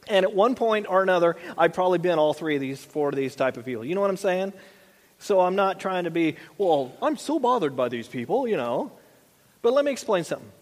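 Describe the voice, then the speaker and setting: A man preaching a conversational sermon as a pastor, often repeating and restarting his phrases. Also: high-pitched. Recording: long hall reverb.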